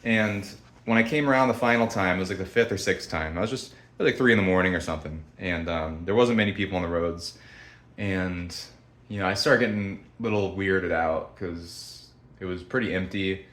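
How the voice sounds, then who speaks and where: A man's voice: deep voice, brisk, a bit bright. A young man telling a story to camera in a rambling, blunt, profane way with many restarts. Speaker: vlogger. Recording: echoey room.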